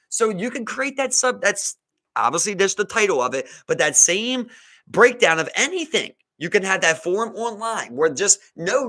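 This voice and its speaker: A man from Baltimore with a local accent, co-hosting a podcast in rambling casual chat, saying "bro" a lot and swearing. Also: high-pitched. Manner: animated, says "bro" often, swears, rambling. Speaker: podcast co-host.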